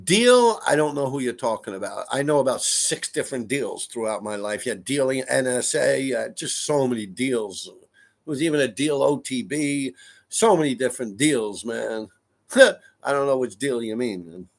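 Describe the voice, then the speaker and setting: Gravelly, animated New man. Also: mid-range voice, normal speed. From New York City. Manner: profane, rambling, laughs a lot. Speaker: livestream host. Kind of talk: casual livestream storytelling. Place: room in a ground-floor apartment.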